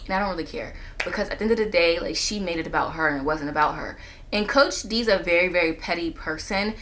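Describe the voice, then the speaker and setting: A woman talking straight to her camera in a casual storytime monologue, retelling a story with animated jumps in pitch when she quotes people. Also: quick pace, a little hiss or hum. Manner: animated retelling, jumping up in pitch when quoting herself and others. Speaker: vlogger telling a personal story. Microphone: camera on a stand.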